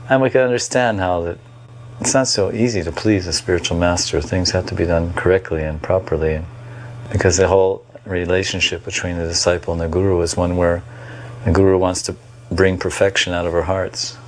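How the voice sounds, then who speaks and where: A man recalling memories as a devotee in a measured storytelling way. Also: low voice, steady tone, slight background noise. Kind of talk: reflective recollection.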